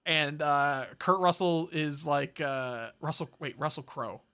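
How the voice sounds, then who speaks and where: A man rambling through a movie plot in a casual podcast, stacking up fillers and restarts. His voice is bright and a little high, and he keeps it chatty. He tells the recap at length. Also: steady tone, measured pace, clear, resonant tone. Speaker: podcast co-host. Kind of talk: casual chat.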